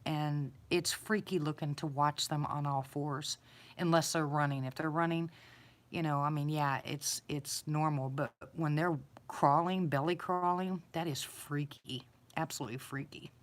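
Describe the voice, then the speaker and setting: A woman's voice: low-pitched, fairly even intonation, unhurried. A woman casually telling a personal story, rambling, repeating herself and chuckling. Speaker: eyewitness storyteller.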